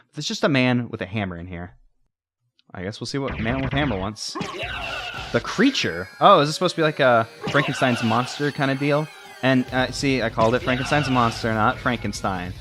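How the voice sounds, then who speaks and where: A man's voice: lowish voice, expressive, a little fast, a bit bright. A man from Texas giving rambling, filler-heavy, self-deprecating commentary while he plays a video game. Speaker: let's play commentator. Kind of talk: casual gameplay commentary. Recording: game music playing under the voice. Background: game music.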